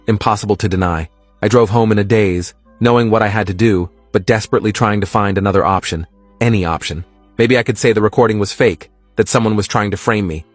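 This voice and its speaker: A man narrating a first-person horror story in a steady, scripted reading style. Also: fairly low pitch, dry recording.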